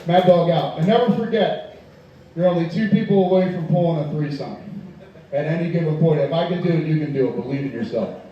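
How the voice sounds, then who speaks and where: A man performing a profane stand-up comedy set in a tavern, telling loud rants and chatting with the crowd. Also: fairly high pitch, fairly quick, highs cut off, a little hiss or hum. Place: tavern stage. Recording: echoey room from far off.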